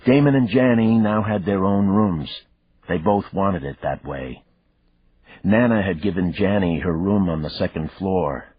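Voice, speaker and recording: A man with a very low, slightly husky voice narrates a thriller audiobook at a slow, measured pace. The recording is dry and a bit dull, with no room sound. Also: animated, no echo. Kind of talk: first-person audiobook narration.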